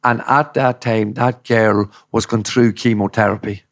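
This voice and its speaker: A man's voice: lowish voice, steady tone, measured pace. A middle-aged man, a campaigning father telling his case in an interview, emphatic and indignant. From Ireland. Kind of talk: podcast interview.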